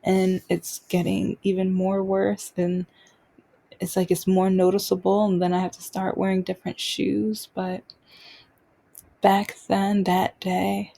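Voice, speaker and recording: A woman speaks in a dark, gravelly voice with a husky edge, keeping her pitch mostly flat. She talks unscripted and halting, often breaking off and restarting her sentences as she tells her own story. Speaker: podcast host sharing personal stories. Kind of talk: unscripted personal monologue.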